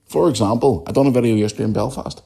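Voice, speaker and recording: A man's voice: medium pitch, racing, vocal fry, mellow. A British man hosting his own podcast, talking bluntly and emphatically in an opinionated solo rant, repeating his points. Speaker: podcast host.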